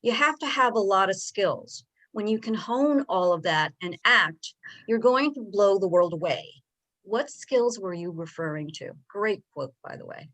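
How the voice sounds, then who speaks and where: A woman in her forties leads an interview over a video call, her voice sitting at an ordinary pitch for a woman. She asks her questions in a bright, friendly way and keeps the conversation moving. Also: lively intonation, a little slow, rough recording. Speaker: interview moderator.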